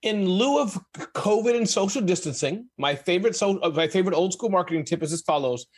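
A man answering as a business guest in casual interview chat, energetic, emphatic and joking. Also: sits high, brisk, breathy edge. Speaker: guest, entrepreneur.

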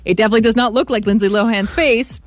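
A woman's voice: fairly high pitch, fairly even intonation, rapid-fire. A woman co-hosting a morning radio show, chatting casually and playfully about celebrity gossip. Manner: gossipy, playful, laughs often. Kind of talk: casual chat.

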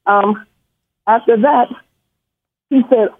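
A man's voice: very high-pitched, slow pace. A man from New York calling into a radio show, stuttering and rambling emotionally through a story about his family. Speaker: caller. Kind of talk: call-in storytelling. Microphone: phone. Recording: tinny phone line.

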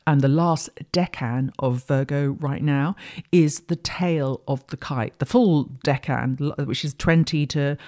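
A woman's voice: low voice, unhurried, darkish tone. A woman hosting an astrology talk show, musing in a rambling, reflective way with many restarts. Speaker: astrology podcast host. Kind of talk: casual spiritual monologue.

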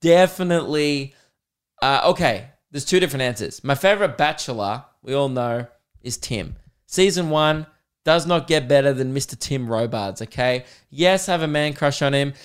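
A man's voice: mid-range voice, moderate pace, smooth. A young man hosting a comedy podcast, ranting with self-mocking humor and lots of swearing. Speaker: podcast host. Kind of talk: casual comedic rant.

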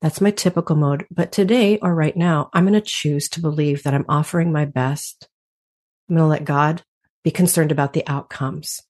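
A woman's voice: deep voice, steady tone, moderate pace, a little mellow. A woman guest in an interview, speaking reflectively and laughing often. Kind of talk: conversational interview.

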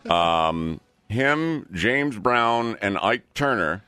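Dry-witted middle-aged co-host, expressive pitch, close dry sound. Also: male voice, extremely slow, smooth, no room sound, soft background music. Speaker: radio co-host. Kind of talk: radio call-in banter.

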